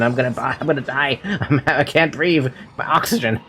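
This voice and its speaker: A man's voice: medium pitch, normal speed, a bit bright, husky. A young man streaming a game from home, chatting casually with playful, giggly, melodramatic complaints.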